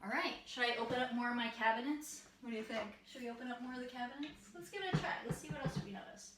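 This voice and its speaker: A woman's voice: fairly high pitch, racing, noisy background. A woman teaching a children's music lesson from her home kitchen, talking in friendly questions to young listeners. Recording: echoey kitchen, distant mic, loud clatter.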